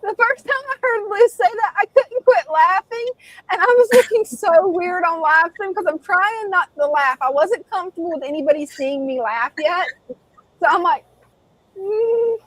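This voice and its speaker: A woman's voice: extremely high pitch, moderate pace, fairly bright tone, no room sound, poor audio. A woman co-hosting a casual live stream chat, laughing often.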